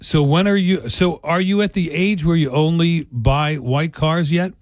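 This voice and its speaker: A man's voice: a little high, measured pace, dry recording, clean studio sound. A man hosting a casual chat, playful and joking as he swaps stories. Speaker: host.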